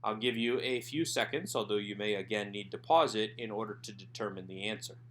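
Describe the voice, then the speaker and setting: A man narrating a recorded language lesson over slides, sounding out words slowly and carefully. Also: fairly low pitch, steady tone, a bit bright, slight background noise. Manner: slow, careful enunciation of Hebrew words. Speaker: Hebrew teacher.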